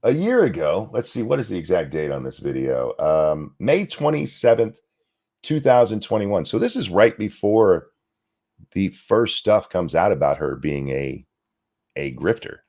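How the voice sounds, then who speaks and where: A man hosting a ranting commentary show, profane and indignant, talking in fast bursts. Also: low-pitched, very animated, a little mellow.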